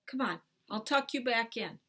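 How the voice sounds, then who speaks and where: A woman's voice: on the high side, expressive, moderate pace. A woman voicing a stern, worried father in a storybook read-aloud. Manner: loud scolding. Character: stern worried dad, adult man.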